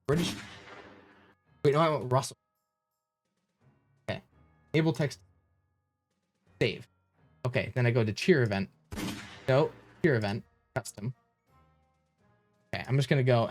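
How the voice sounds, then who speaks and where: A flustered male streamer talks through his stream settings, rambling and thanking viewers as he goes. His voice sits at an ordinary middle pitch, and faint music plays behind him. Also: moderate pace, long pauses. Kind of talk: live-stream chatter.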